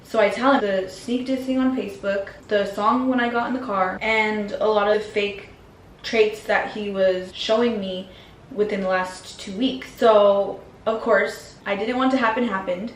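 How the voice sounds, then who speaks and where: A woman's voice: mid-range voice, fairly even intonation, moderate pace, far from the mic, slight background noise. Slangy woman telling a story, roomy sound. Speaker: vlogger. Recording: roomy, mic set back.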